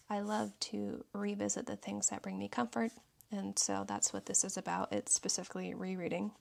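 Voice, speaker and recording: A woman with a gravelly, creaky edge to her voice flips through her journal. She talks about each page in a relaxed, thoughtful way and stops now and then to read a quote aloud. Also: medium pitch. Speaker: journaling YouTuber. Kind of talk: casual journal flip-through narration.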